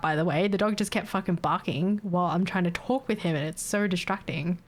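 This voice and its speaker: A woman's voice: on the low side, brisk, hardly any pauses. A young adult woman, ranting bluntly and swearing freely as she chats casually on a livestream. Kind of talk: casual stream chat.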